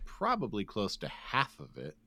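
A man co-hosting a casual rewatch podcast, dry and quick to laugh. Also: on the low side, huge pitch swings, sharp tone. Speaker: podcast co-host.

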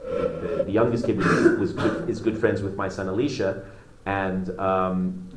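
A male religious teacher tells a story in a halting way, often restarting his phrases. His voice rings in an echoey room with a faint hiss behind it. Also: sits low, steady tone. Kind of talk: storytelling Torah class.

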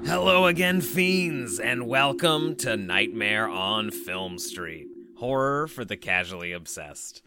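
A man's voice: lowish voice, animated, takes it slowly, hardly any pauses, music in the background. A man from Canada co-hosting a horror podcast, chatty and joking, laughing easily. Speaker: podcast co-host. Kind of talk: casual podcast chat.

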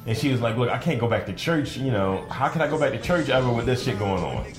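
A man tells crude stories on a casual podcast, his pitch swooping as he acts out each person in them. The room is echoey and music plays behind him. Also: quick pace. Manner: animated storytelling with lots of impressions. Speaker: podcast co-host. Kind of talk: casual explicit podcast banter.

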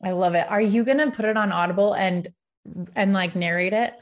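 A woman's voice: medium pitch, a little fast. A woman hosting a podcast, effusive and enthusiastic in casual interview chat. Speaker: podcast host.

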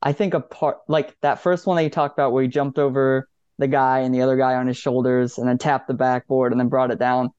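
A man talks sports in an easygoing, measured way, agreeing and hedging his points. His voice is mellow and warm, and the recording is dull and a bit lo-fi, dry with no room echo. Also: mid-range voice, flat delivery, smooth. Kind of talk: casual sports chat.

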